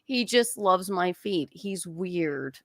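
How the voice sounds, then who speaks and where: A woman guest on a comedy podcast, telling stories with animated put-on voices, laughing often and swearing. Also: lowish voice, takes it slowly, no room sound, studio quality. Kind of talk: casual comedic chat.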